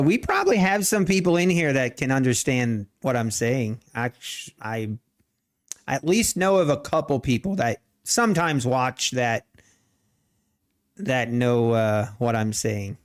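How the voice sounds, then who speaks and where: A man's voice: mid-range voice, expressive, takes it slowly, long pauses. A man with a Pennsylvania Dutch accent, a native speaker of that dialect, hosting a live day-trading stream and joking casually with his viewers. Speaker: day trading livestream host.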